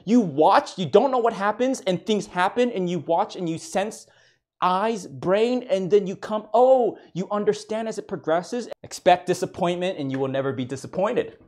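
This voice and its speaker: A man's voice: high voice, lively intonation, normal speed, darkish tone. A man giving a comedic mock lecture, ranting in exasperation and stammering over repeated words. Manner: mock-serious professor persona.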